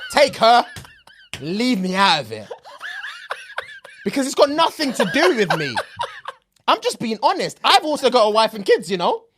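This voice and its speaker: A man co-hosting a casual podcast chat, laughing often as he tells animated stories. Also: very high-pitched, normal speed, long pauses, breathy edge. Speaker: podcast co-host.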